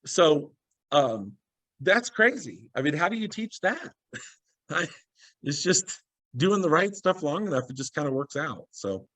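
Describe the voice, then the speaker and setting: A man's voice: a little high, measured pace, no echo. A man speaking as a guest on a video call, telling a story with energy and acting out what people said. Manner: animated storyteller, acts out quoted dialogue.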